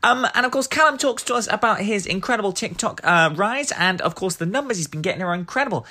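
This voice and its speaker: A man from England hosts a laid-back podcast, his voice bright and edged, rising and falling with lots of animation. He chats and jokes freely, teasing himself as he goes. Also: high voice, lively intonation, quick pace. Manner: chatty, jokey, self-deprecating. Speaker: podcast host. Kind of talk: casual podcast interview.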